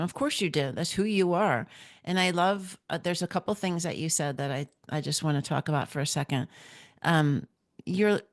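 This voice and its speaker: A woman hosts a podcast interview in a very low voice. Her sound is dry and close, with no room around it. She is affirming and enthusiastic, quick to agree. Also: dry recording. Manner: affirming, frequent "mm-hmm", enthusiastic. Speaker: podcast host. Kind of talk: casual interview chat.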